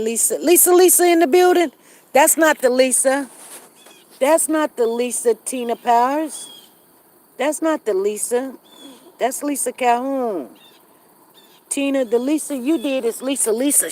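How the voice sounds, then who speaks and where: A woman hosting a casual live stream while she walks outdoors, chatting straight to her viewers and greeting them by name. She drops to a lower, quieter tone when she gets serious. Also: poor audio. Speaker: livestream host. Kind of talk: casual rambling live chat. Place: outdoors, walking.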